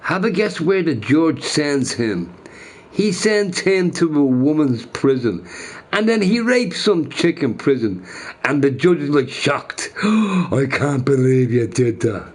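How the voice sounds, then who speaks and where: A man's voice: a little high, very animated, slow pace. A man ranting casually to his chat, repeating himself emphatically. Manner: emphatic, repeats phrases, says bro a lot.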